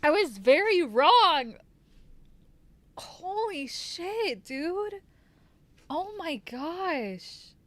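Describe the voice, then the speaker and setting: A woman streamer reacting live to a game, swearing and exclaiming loudly. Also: extremely high pitch, big pitch swings, very slow, pauses often, no echo.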